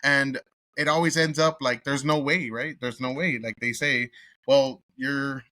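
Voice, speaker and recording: A man from Texas talks through a film review in a blunt, swear-filled rant. His voice is bright and forceful, and the sound is dry with no room echo. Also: medium pitch, steady tone, a little slow. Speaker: movie reviewer host. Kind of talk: casual profane review rant.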